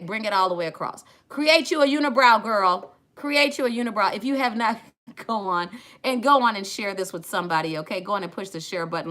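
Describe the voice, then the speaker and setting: Woman, middle-aged, chatty live makeup-tutorial host; low-ish, bright, punchy voice. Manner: chatty, addresses viewers as y'all and ladies. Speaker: makeup brand owner streaming a tutorial.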